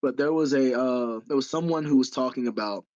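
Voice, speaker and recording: A man's voice: medium pitch, fairly quick, darkish tone. Eager male podcast co-host, slightly muffled. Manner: enthusiastic, stumbling restarts. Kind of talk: casual podcast chat.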